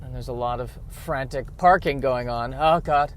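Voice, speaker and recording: A man's voice: medium pitch, moderate pace. A man rambling to the camera from a car in traffic, sarcastic and self-mocking, with bursts of mock outrage. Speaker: vlogger. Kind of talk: rambling solo monologue.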